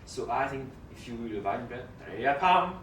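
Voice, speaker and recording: A man's voice: mid-range voice, steady tone, fairly quick, slight background noise. Brief: male flute teacher, encouraging, sings rhythms, heard from afar in a roomy hall with music. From France. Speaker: flute teacher giving a masterclass. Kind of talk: masterclass coaching. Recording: roomy, from far off, music behind.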